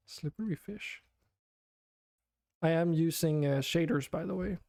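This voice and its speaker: Gravelly-voiced male game streamer. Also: on the high side, steady tone, moderate pace, dark tone, dry recording, studio quality. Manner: chatty, self-deprecating, laughs often. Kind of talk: casual live-stream chat.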